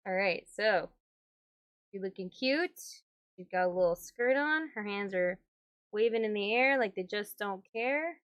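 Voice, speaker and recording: Slow-talking woman vlogger, dry sound. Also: medium pitch, expressive, fairly bright tone, clean tone, no echo. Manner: chatty, exclaims and laughs while working. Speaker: doll hobby vlogger. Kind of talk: casual hands-on vlog talk.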